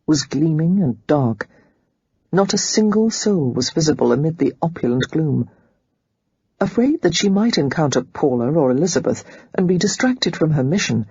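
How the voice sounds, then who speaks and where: A steady audiobook narrator reads in a measured way. The voice is deeply husky and breathy. It is close and dry, with a dull, lo-fi tone. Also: dry recording.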